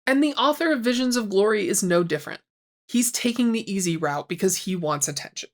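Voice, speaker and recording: A woman's voice: on the high side, animated, fairly quick. A woman in her forties hosting a scripted book critique, wry and sarcastic, getting worked up as she talks. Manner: sarcastic, wry, gets heated. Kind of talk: scripted commentary with read excerpts.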